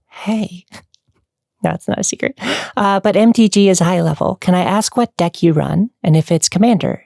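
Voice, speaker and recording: A woman's voice: low-pitched, gravelly, warm tone, dry recording, studio quality. A woman answering fan questions to camera in a chatty, rambling way, laughing between thoughts. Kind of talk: casual Q&A chat to camera.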